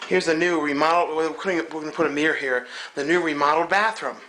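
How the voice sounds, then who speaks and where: Hoarse young man vlogging, bright voice. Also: fairly high pitch, fairly even intonation, fast, rough recording. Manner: chatty, joking, narrates to camera. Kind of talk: casual vlog chat. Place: outdoors in woods, then indoors at home. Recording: faint background noise.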